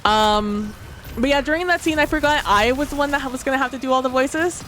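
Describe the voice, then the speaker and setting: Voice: high-pitched, fairly quick, a bit bright, slight background noise. A tabletop role-play player reflecting casually on a livestream, rambling with many fillers and frequent laughter.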